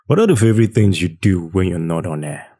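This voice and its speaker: A man's voice: low-pitched, very animated, quick pace, warm tone, breathy edge, no echo, studio quality. A man hosting an interview show, asking brief, direct questions.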